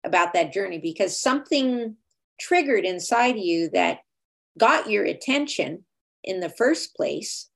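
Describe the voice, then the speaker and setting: A woman's voice: medium pitch, expressive, a little slow, gravelly. A woman hosting a podcast, chatty and conversational, laughing easily as she talks with her guest. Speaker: podcast host. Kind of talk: casual interview chat.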